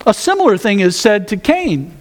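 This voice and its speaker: A man's voice: high voice, big pitch swings, moderate pace. A man pastor preaching a sermon, folksy with joking asides, reading scripture aloud.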